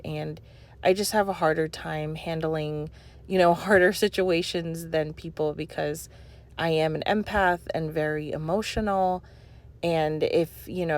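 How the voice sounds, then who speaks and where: A young woman talking over her cleaning vlog in an earnest, rambling way, full of "you know" fillers. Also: sits low. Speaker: cleaning vlogger. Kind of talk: heartfelt voice-over chat.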